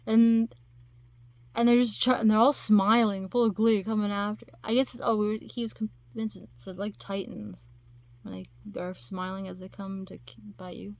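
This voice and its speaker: A woman's voice: mid-range voice, level tone, moderate pace, darkish tone. A woman chatting casually to camera, rambling with lots of fillers and restarts. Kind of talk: casual chat.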